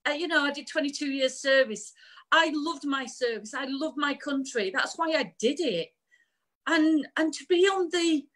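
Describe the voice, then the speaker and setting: A woman in her forties, an army veteran, telling her story in an emotional, halting way, close to tears. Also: high voice, fairly bright tone. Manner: emotional, halting, repeats words.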